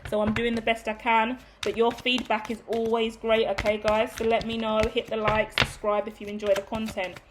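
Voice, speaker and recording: Flat-voiced woman giving a tarot reading. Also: medium pitch, background noise. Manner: chatty, rambling, keeps checking in with "okay?". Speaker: tarot reader. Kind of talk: casual tarot reading to viewers.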